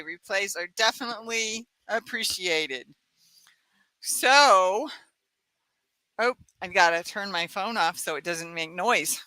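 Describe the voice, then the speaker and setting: A woman's voice: medium pitch, bright, forceful tone, clean tone, no room sound. A woman hosting a casual live-stream chat from home, talking freely and laughing often. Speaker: host.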